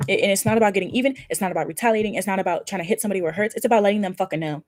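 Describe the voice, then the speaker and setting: A woman's voice: mid-range voice, racing, few pauses, a little mellow, slight background noise. A woman giving a casual pick-a-card tarot reading, effusive and emphatic, with casual swearing. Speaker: tarot reader.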